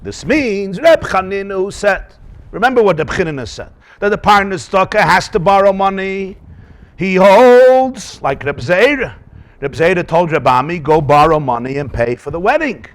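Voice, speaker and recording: A rabbi teaching a Talmud class, his voice pitched high and swooping all over the place. He keeps asking rhetorical questions and drops in Yiddish and Hebrew terms as he explains. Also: expressive, moderate pace.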